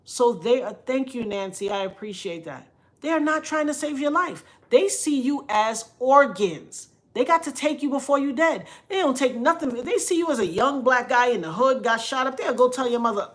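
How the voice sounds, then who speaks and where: A woman hosting a livestream, telling a story in a preachy, animated way that swings from loud emphasis to soft asides. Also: sits high, normal speed. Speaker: livestream host reading viewer comments. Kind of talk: casual storytelling monologue.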